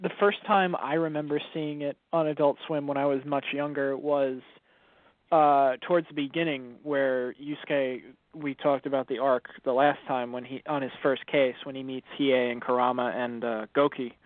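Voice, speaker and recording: A man's voice: mid-range voice, moderate pace, no echo. A man co-hosting a casual podcast chat. He tells stories easily and laughs often. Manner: relaxed storyteller, laughs easily. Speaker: podcast co-host. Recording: tinny phone-like sound, dry.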